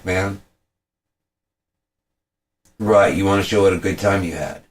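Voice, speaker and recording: A man's voice: sits low, steady tone, unhurried. A man talking through a heated, profane, rambling commentary and acting out the people he quotes. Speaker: vlogger.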